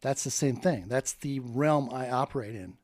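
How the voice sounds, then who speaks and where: A man's voice: medium pitch, moderate pace, a little mellow, no room sound, clean studio sound. A man in a fervent, preacher-like monologue that rambles from point to point. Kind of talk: spoken monologue.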